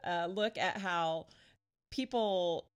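A woman pastor co-hosting a podcast, telling a funny story in a casual, animated way and laughing often. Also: on the low side, slow pace, clean tone.

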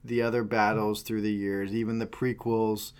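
A man's voice: fairly low pitch, level tone, normal speed, clean tone. A man casually co-hosting a podcast, easygoing and hesitant, with many "uh"s and "um"s. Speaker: podcast co-host. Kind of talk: casual movie ranking chat.

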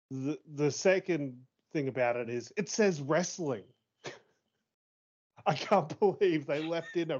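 A man in his thirties co-hosting a casual chat. He talks excitably, swears freely and laughs often. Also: on the high side. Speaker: podcast co-host. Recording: dull lo-fi sound.

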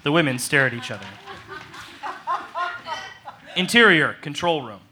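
A man narrating an improvised comedy in a deadpan style with goofy sound effects. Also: on the high side, fast talker, background noise.

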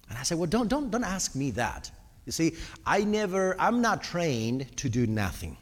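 A man's voice: fairly high pitch, sing-song, moderate pace, big-room sound. A man preaching a sermon with personal testimony, earnest and speaking straight to the congregation. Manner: earnest, addresses the congregation directly.

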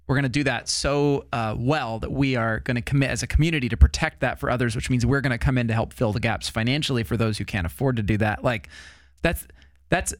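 A man, pastor and podcast co-host, talking through ideas out loud and affirming the others in a casual discussion. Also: medium pitch, quick pace, no echo, studio quality.

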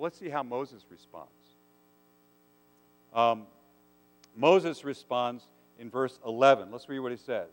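A man's voice: mid-range voice, measured pace. A man preaching a sermon, earnest and asking his listeners questions. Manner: earnest, asks the congregation rhetorical questions. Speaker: pastor. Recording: long hall reverb.

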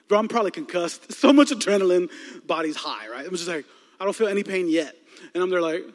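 High-voiced animated man preaching in a hall. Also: fast. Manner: animated, lively storytelling with laughs. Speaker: youth pastor. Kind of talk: humorous sermon storytelling. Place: large church auditorium. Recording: long reverb of a large hall.

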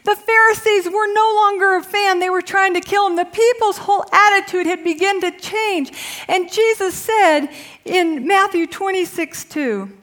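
A middle-aged woman with a high voice, preaching a sermon. She prays softly, almost in a whisper, then moves into lively storytelling. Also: normal speed. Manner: hushed, prayerful when praying, lively storytelling after.

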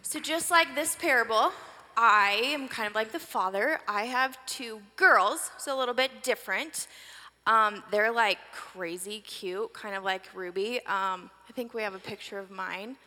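A woman in her thirties speaks from a church stage in a loose, conversational sermon style, full of fillers and quick laughing asides. Her voice sits a bit high and sounds bright and forward. A long hall reverb trails behind every phrase. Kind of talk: casual sermon talk.

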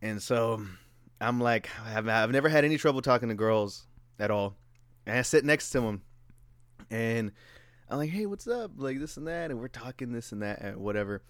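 A man's voice: medium pitch, normal speed, fairly bright tone, no echo. A man chatting casually, telling a story loosely with swearing and restarts. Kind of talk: casual chat.

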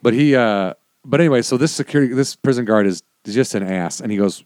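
Animated man telling stories. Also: fairly low pitch, fast, no room sound, studio quality. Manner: animated storyteller, acts out quoted people. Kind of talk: casual chat.

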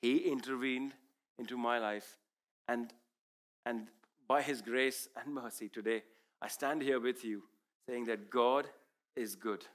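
A man's voice: medium pitch, fairly even intonation, measured pace, pauses often. A man whose first language is Urdu, giving an earnest, emphatic sermon testimony as a preacher.

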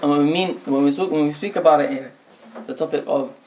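An Islamic teacher with a fairly high, slightly mellow voice speaks quickly over slight background noise. He explains a religious lesson step by step, often restating phrases and mixing in Arabic terms.

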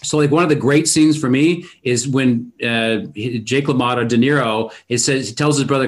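A man's voice: mid-range voice, normal speed, hardly any pauses. A man in a casual film discussion, animatedly retelling scenes, with many fillers and restarts.

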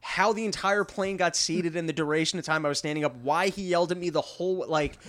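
A man co-hosting a casual chat, telling stories in an animated way. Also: a little high, quick pace. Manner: animated storytelling, laughing often.

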